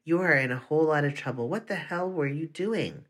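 A reader doing a motherly woman assistant principal, firm but warm and reassuring. The delivery is a steady storybook reading at a middling pitch. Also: fairly quick, close to an everyday voice. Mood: scolding. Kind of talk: audiobook reading.

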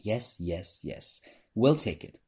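A man's voice: lowish voice, very animated, slow pace, a little mellow, breathy edge, heavily acted. A man voicing a commanding drag queen. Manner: declarative, pushy.

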